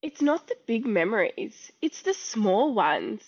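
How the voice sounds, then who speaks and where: A woman speaking as a podcast guest, reflective and halting, with many fillers. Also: on the high side, very animated, slightly rough, no room sound, muffled recording. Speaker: podcast guest, academy owner. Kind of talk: casual conversation.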